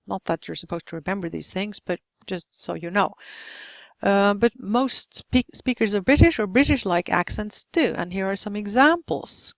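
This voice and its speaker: A woman giving a recorded slide lecture on pronunciation, explaining calmly and modelling example words one at a time. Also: mid-range voice, moderate pace, gravelly, no room sound.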